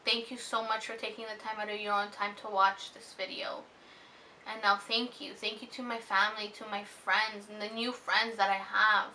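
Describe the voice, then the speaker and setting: A young woman in her twenties speaks earnestly and tenderly to her viewers, filling her pauses with soft ums. Her voice is bright and clear in tone. The mic sits a little away from her, with a faint hiss underneath. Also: medium pitch, little pitch movement, distant mic, poor audio. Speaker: vlogger. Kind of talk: heartfelt personal vlog talk.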